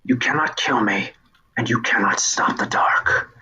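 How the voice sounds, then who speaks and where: A man voicing a weary tentacled ogre herald of the dark in a whispered role-play, slow and dismissive. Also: mid-range voice, highs cut off. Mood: calm.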